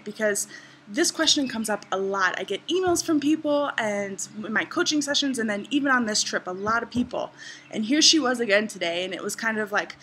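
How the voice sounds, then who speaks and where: A woman's voice: a little high, a bit bright, a little hiss or hum. A woman in her thirties vlogging to camera outdoors in a garden, telling a travel story with bubbly enthusiasm. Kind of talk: casual vlog to camera.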